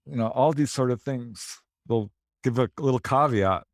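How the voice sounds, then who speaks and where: A man's voice: medium pitch, moderate pace, dry recording. Dry, close-miked man telling stories. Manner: animated, anecdotal, laughs between lines. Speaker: paranormal investigator, interview guest. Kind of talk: casual interview storytelling.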